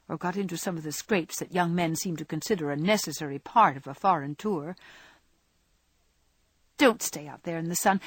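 A woman's voice: lowish voice, slightly rough, no room sound. A woman reading an earnest, scolding young woman. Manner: earnest, lecturing.

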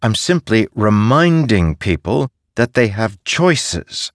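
A man's voice: fairly low pitch, big pitch swings, slow, no echo, pitched above the performer's own voice. Man playing a dry, weary soldier.

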